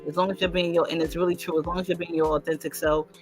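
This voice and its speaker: A woman with a New York accent hosting a casual livestream chat, emphatic and streetwise, often repeating phrases and giving shout-outs. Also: on the low side, flat delivery, racing, faint music behind. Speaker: host.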